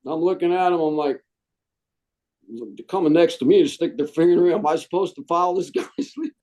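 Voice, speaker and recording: A middle-aged man, a Marine veteran, telling stories in a casual interview, animated and jokey and saying "man" a lot. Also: on the high side, brisk, poor audio.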